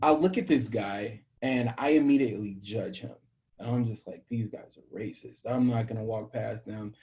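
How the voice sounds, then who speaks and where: A young man from the American South, a musician, telling his story in an interview with lively acted-out dialogue and frequent laughs. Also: fairly low pitch, normal speed, highs cut off. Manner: animated storyteller, acts out quoted dialogue, laughs often. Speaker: musician guest.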